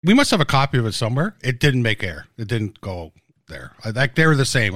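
A man telling behind-the-scenes stories in a blunt, animated way, cursing freely. His voice sits at a middle pitch and sounds dry and close, with little room sound. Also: fairly quick, no room sound. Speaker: TV series creator. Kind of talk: casual reminiscing chat.

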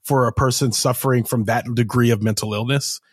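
A man's voice: mid-range voice, fairly even intonation, fairly quick, husky, no room sound, studio quality. A man co-hosting a podcast, chatting casually about a TV episode, laughing often and tossing in jokey asides. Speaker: podcast co-host. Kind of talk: casual chat recapping a TV episode.

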